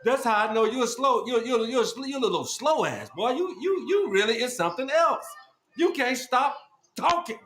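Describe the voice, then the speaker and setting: High-pitched man mocking on an echoey call. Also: lively intonation, normal speed. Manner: loud, mocking, repeats insults over and over. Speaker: podcast host. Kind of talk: heated argument on a group call. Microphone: group call.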